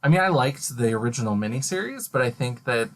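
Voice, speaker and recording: A podcast host in relaxed conversation, talking at a middle pitch. The delivery is measured and thoughtful, weighing each point before moving on. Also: poor audio. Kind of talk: casual chat.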